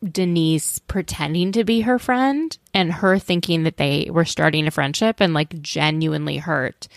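A woman with a fairly low voice chatting casually, recorded dry and close. She chimes in with relaxed, agreeable replies. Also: moderate pace, no room sound. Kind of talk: casual chat.

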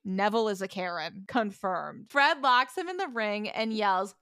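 Woman podcast co-host, bright and punchy, sarcastic casual recap, dry sound. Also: mid-range voice, expressive, moderate pace, few pauses, smooth, no room sound. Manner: blunt, sarcastic jokes.

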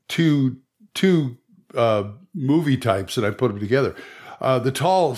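A man hosting a podcast, giving casual advice on running tabletop games in a rambling way with many restarts. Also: mid-range voice. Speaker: game master podcaster.

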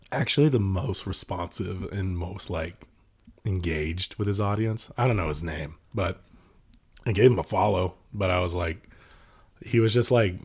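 A young man from California telling stories in casual chat, animated, laughing often and mimicking the people he quotes. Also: low-pitched, slightly rough. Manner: animated storytelling, laughs often, voices others.

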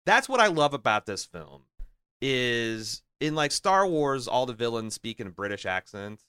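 Male podcast co-host, bright crisp voice, lowish pitch, eager rambler, dry close mic. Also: big pitch swings, moderate pace, dry recording. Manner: enthusiastic, rambling with many fillers and restarts. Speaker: podcast co-host discussing a film. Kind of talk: casual chat.

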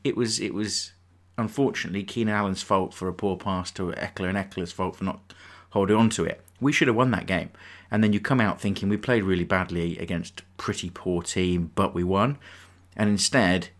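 A man's voice: deep voice, fairly even intonation, fairly quick, hardly any pauses. A man hosting a casual sports podcast, ranting with frustration about his team. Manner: frustrated, rambling fan rant. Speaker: podcast host.

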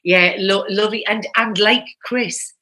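A woman, chatting animatedly about her acting days and telling lively stories. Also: mid-range voice, a little slow. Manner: animated, lively storytelling with quoted outbursts. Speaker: actress and guest. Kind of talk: casual conversation.

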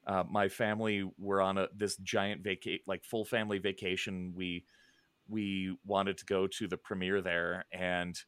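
A middle-aged man chatting casually, rambling with many restarts and soft chuckles. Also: low-pitched, level tone, unhurried, clear, resonant tone, dry recording. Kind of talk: casual chat.

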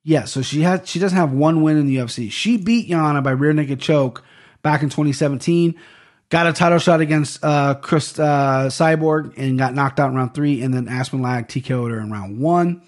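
A man's voice: a little high, normal speed. A young man hosting a casual fight-picks podcast at a desk microphone, rambling, swearing and tripping over names. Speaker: sports betting podcast host.

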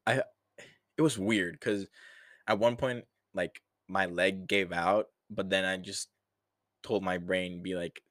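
A man's voice: low-pitched, steady tone, takes it slowly, a bit bright, no echo, clean studio sound. A young man hosting a casual solo podcast, rambling through stories with lots of fillers and chuckling at himself. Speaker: podcast host.

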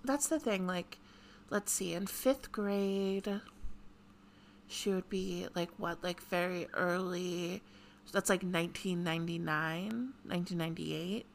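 A woman co-hosting a casual podcast chat, talking with lots of "like" fillers and breaking into sudden excited bursts. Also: on the low side, slow pace, gravelly, slight background noise. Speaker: podcast co-host.

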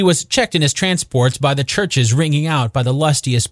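A man narrating a classic novel as an audiobook, with expressive, measured storytelling. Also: a little high, no room sound, clean studio sound.

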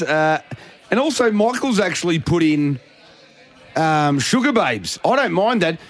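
Australian man, radio racing host, casual banter, slightly high voice, jokey. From Geelong, Australia. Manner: chatty, jokey, reads listener messages.

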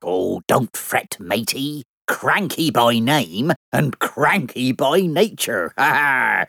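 A woman's voice: very deep voice, expressive, slow, vocal fry, fairly bright tone, husky, dry recording, clean studio sound, pitched below the performer's own voice, heavily acted. A woman doing a jolly old sea-dog diesel. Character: jolly old male dockside diesel, salty sailor talk.

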